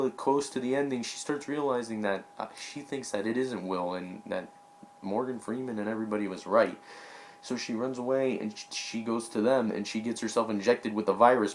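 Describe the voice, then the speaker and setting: A young man casually recapping a movie he just saw, rambling with lots of fillers, restarts and quick apologetic asides. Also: medium pitch, slight background noise. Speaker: movie reviewer.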